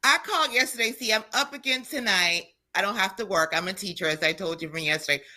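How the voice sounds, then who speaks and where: A woman's voice: mid-range voice, quick pace, sharp tone. A woman calling in to a live show, earnest and chatty, repeating phrases for emphasis. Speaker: caller, teacher. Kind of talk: phone-in caller.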